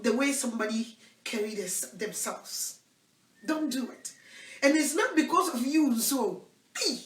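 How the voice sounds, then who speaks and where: The audio is reverberant and the mic distant as a Ghanaian woman evangelist, speaking with a Ghanaian accent, preaches in a self-made recording. Emphatic throughout, she moves between loud declarations and low-voiced asides.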